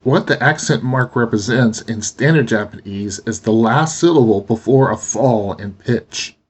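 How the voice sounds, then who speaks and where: A man teaching a language lesson, explaining pronunciation slowly and deliberately. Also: medium pitch, husky. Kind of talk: instructional narration.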